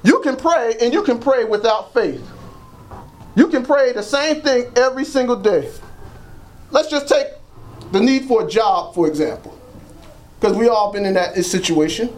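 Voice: medium pitch, expressive, moderate pace, pauses often. A preacher giving an emphatic sermon that leads the congregation in call-and-response. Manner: emphatic, repeats phrases, frequent "praise God".

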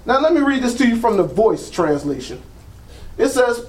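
An older male pastor preaching a sermon with fervent call-and-response. His voice runs high for a man and swings widely in pitch. He punctuates his points with cries of praise. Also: very animated, moderate pace.

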